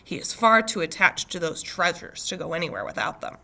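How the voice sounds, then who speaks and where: A stern foster mother with formal, lofty speech and a bright, clear tone, read aloud by a woman. She scolds with clipped, proper sentences. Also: lowish voice, expressive, brisk. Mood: scolding.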